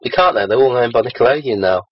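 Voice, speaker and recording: A man's voice: medium pitch, animated, fast, husky, no room sound. A man reading a story aloud for laughs and trading crude joking banter with a co-host. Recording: dull lo-fi recording.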